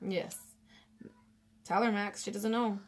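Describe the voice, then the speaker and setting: A woman's voice: mid-range voice, fairly even intonation, takes it slowly. A woman co-hosting a live stream who reads viewer comments aloud in a casual, giggly way. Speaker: co-host reading viewer comments.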